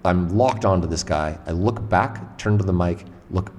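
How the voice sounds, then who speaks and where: A man with a very low voice hosts a casual podcast and tells stories with animated energy, dropping a swear now and then. His voice carries a long reverb tail, as if recorded in a live room. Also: normal speed. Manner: animated storyteller, swears freely. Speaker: podcast host and interviewer.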